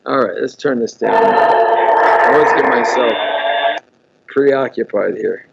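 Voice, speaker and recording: A man's voice: medium pitch, slow, creaky, highs cut off, heavy background noise. A man hosting a live show, chatting casually, stumbling over and repeating words and greeting viewers by name. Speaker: host. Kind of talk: casual live-stream chat.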